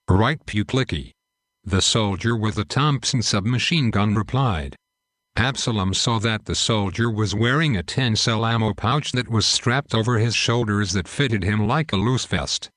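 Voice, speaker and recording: Male narrator, low pitch, dry close sound, steady story reading. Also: no room sound.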